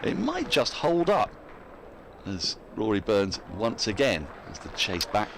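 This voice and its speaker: Speak low in your register and let the pitch swing freely, a man commentating live cricket. Keep it chatty, break into easy laughs, and slip into reading listener emails between deliveries. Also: wildly swooping pitch, a little slow, creaky, fairly bright tone, slight background noise.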